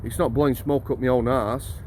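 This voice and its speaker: A man's voice: mid-range voice, steady tone, a little fast, darkish tone, a little hiss or hum. A middle-aged man, a former prison officer telling stories in a chatty, blunt, jokey way. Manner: chatty, blunt and jokey, laughs mid-story, addresses viewers as guys. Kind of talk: casual storytelling to camera.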